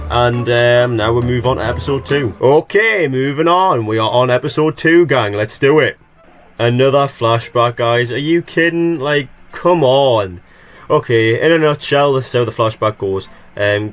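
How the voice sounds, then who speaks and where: Guy recapping a game, sarcastic, swears a ton, yelps up high when annoyed, bit of music behind. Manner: exasperated, sarcastic, swears a lot, jumps to high excited yelps. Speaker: gaming video creator. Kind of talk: sarcastic gameplay recap commentary.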